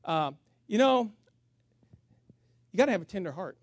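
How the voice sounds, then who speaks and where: High-voiced man preaching, dry sound. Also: moderate pace, no room sound. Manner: animated, swings between loud emphasis and hushed asides; humorous storytelling with self-mockery. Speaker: pastor. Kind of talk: sermon.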